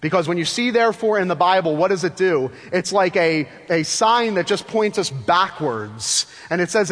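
A male pastor preaching a sermon in an animated way, asking his congregation rhetorical questions and acting out the voices he quotes. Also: high voice, normal speed, few pauses. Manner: tells stories, acts out quoted voices. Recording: long reverb of a large church hall.

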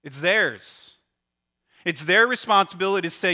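A man's voice: a little high, moderate pace, bright, forceful tone. A middle-aged male pastor preaching a sermon, earnestly explaining a passage and often repeating his words as he goes.

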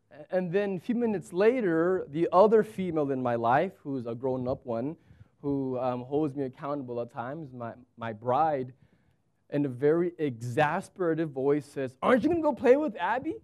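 A man in his thirties, a pastor preaching a sermon with animated storytelling and wide swings in pitch.

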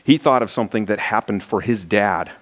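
A man's voice: on the low side, brisk, fairly bright tone. A male pastor preaching a sermon, telling the story with animation and reading scripture aloud.

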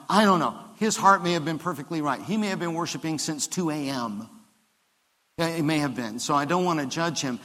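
A man, the pastor, preaching a conversational sermon that builds to emphatic high points, with frequent restarts. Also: a bit bright. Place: church sanctuary. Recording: long hall reverb of a church.

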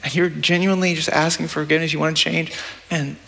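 Bright-voiced pastor preaching in a reverberant hall. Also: male voice, fairly high pitch, little pitch movement, quick pace, gravelly, breathy edge. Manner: conversational, practical, with frequent "right?" asides. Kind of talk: sermon. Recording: long church-hall reverb.

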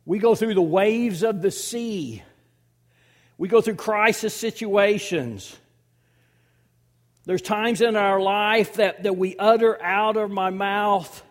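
A man in his fifties preaching a sermon as pastor, swinging between loud emphasis and hushed, near-whispered lines. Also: high voice, slow. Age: 50s.

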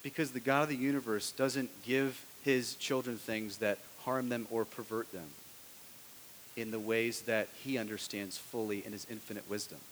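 A man's voice: mid-range voice, fairly even intonation, moderate pace, in a large hall, a little hiss or hum. A man preaching a sermon as a pastor in a conversational style, often asking his listeners "right?".

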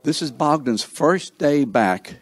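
A man's voice: fairly high pitch, expressive, slow pace, background noise. An older man hosting a seniors breakfast, introducing guests one by one with playful teasing and stumbling over names. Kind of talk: introducing people in a room, joking.

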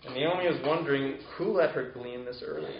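A man's voice: mid-range voice, a little fast, crowd noise. A man giving a sermon, retelling a Bible story in a conversational way with casual asides. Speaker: preacher. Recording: roomy, dull-sounding recording.

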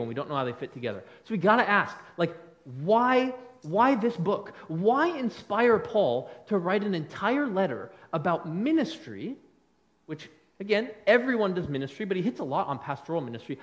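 A male pastor preaching a conversational sermon, acting out quick bits of dialogue as he goes. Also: sits high. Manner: animated, conversational preaching with quick acted-out quotes.

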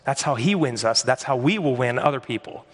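A man's voice: medium pitch, animated, brisk. A man preaching a sermon as pastor, earnest and emphatic, often repeating his key phrases. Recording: long hall reverb.

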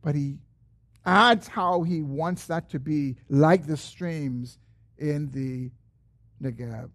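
A pastor delivers a sermon with earnest conviction, his slightly bright voice rising when he quotes a prayer and sinking low and slow as each phrase closes.

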